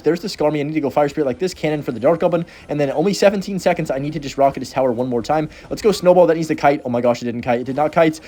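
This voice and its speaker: A young man rattles off live gameplay commentary at a quick clip, excitable and quick to yelp at close calls. His voice sits on the dark, mellow side. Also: a little high. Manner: excitable, talks fast and reacts loudly to the play. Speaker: gaming video creator.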